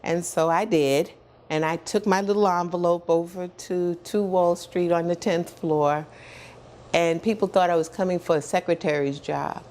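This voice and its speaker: A woman in her sixties, a guest in an interview, telling her story with animated energy, acting out what others said and often laughing. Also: fairly low pitch, moderate pace. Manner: animated storyteller who acts out quoted dialogue and repeats words as she builds up.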